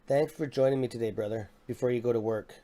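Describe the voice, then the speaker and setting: Casting note: man, stream host, casual market talk, easily excited, mid-pitched voice. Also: fast. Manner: excitable, swears under his breath, apologetic. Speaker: livestream host. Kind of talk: casual live stock market chat. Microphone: desk microphone.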